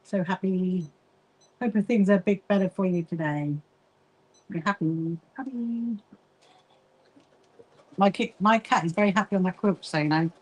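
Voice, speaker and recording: A middle-aged woman with a lowish, slightly rough voice speaks unhurriedly, pausing often, on a rough recording. She founded a quilting association and hosts a casual sewing livestream, greeting viewers by name and getting easily sidetracked.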